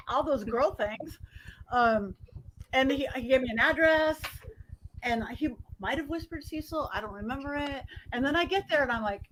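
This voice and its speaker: A woman psychic medium telling stories as a guest in a casual chat, animated and quick to laugh. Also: sits high, slight background noise, rough recording.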